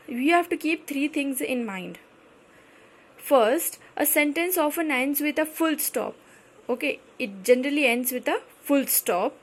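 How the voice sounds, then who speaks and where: A woman with an Indian English accent teaching a grammar lesson, explaining patiently and repeating herself often. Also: high-pitched. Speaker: school teacher.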